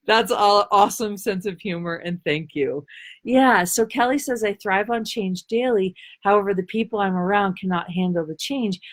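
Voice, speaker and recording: A woman's voice: mid-range voice, moderate pace. A woman life coach talking casually on a live stream, answering viewer comments in a playful, bubbly way with frequent laughter and a loose, rambling delivery.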